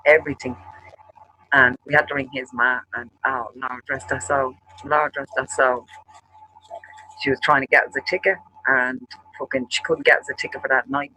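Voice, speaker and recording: A man hosting a chat show, telling a rambling, profane story in an animated way. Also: mid-range voice, poor audio. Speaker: show host.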